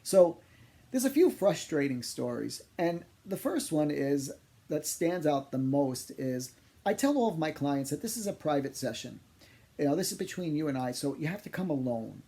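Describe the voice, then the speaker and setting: A man working as a psychic medium, telling funny personal stories in an animated, exaggerating way. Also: a little high, moderate pace, gravelly. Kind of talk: humorous personal storytelling.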